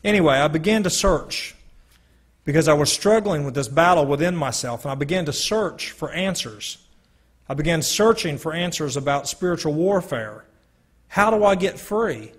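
A man telling his personal testimony to a live audience, slowly and earnestly, with dramatic pauses. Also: on the high side, expressive, husky. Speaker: speaker giving a personal testimony.

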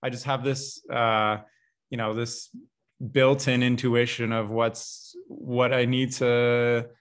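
A man hosting a casual interview podcast, reacting eagerly and jumping in with exclamations. His voice sits at an ordinary middle pitch for a man. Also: level tone, takes it slowly, smooth. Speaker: podcast host.

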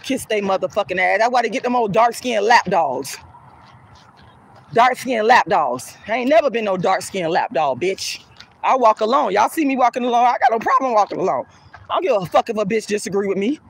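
Outdoors, a colorism activist rants angrily to camera, heated, profane, and scornful. Her voice is a little high, with a bit of hiss or hum in the recording.

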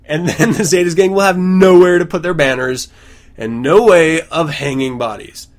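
A man's voice: on the high side, normal speed. A man hosting a podcast at home, reading news stories aloud and breaking off into sarcastic, ranting asides. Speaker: podcast host.

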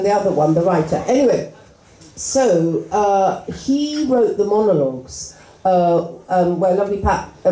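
A woman's voice: medium pitch, dark tone. Rambling, self-mocking woman in her sixties. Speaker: author guest. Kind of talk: live stage interview. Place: festival stage before an audience. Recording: roomy hall sound.

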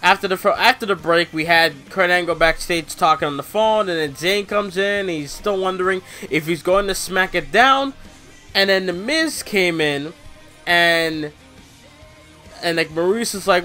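A man's voice: high voice, unhurried, bright, forceful tone, faint music behind. A young man casually recapping a wrestling show in slangy, rambling talk full of fillers.

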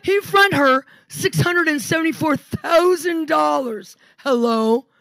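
A woman preaching a sermon, telling testimonies in an animated storytelling way. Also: high voice, takes it slowly, gravelly, no echo. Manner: animated storytelling, quoting others.

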